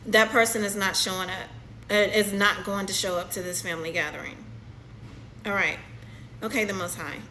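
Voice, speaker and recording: A woman giving a channeled spiritual reading, halting and repeating herself as she describes what she sees, often checking in with "okay?". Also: medium pitch, steady tone, pushed and bright, slight background noise, rough recording. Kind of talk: channeled reading, narrating a vision.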